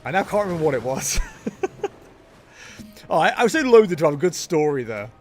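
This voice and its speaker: A man streams a video game and chats casually as he plays, cracking jokey asides at his own expense. His fairly high voice swings widely in pitch, runs a little fast, and has a slightly mellow quality.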